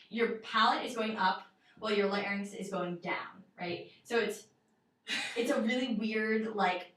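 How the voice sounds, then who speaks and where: A woman's voice: mid-range voice, bright, forceful tone. Young woman teaching singing in echoey room. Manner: casual, chatty, many fillers and laughs. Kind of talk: one-on-one singing lesson. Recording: roomy echo, mic far off.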